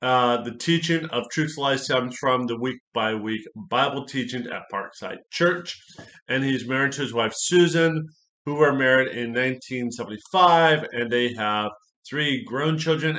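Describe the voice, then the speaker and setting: A man's voice: medium pitch, moderate pace, a bit bright. Man, pastor, casual book review, rambling, lots of fillers, self-corrections, enthusiastic praise.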